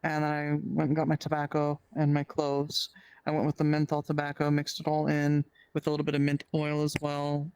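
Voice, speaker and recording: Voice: medium pitch, completely flat delivery, a little fast, darkish tone, smooth, dry recording. A podcast co-host chatting casually, explaining things in detail with many fillers.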